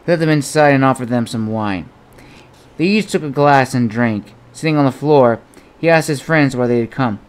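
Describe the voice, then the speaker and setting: A man narrating an adventure novel as an audiobook in a steady storytelling manner. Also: mid-range voice, normal speed, clear, resonant tone.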